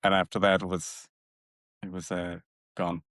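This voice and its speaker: A man's voice: low voice, completely flat delivery, unhurried, a bit bright, no room sound, clean studio sound. A man from Cork with a Cork Irish accent, co-hosting a podcast in a reflective way, often restarting his words. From Cork, Ireland. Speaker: podcast co-host. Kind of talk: casual chat.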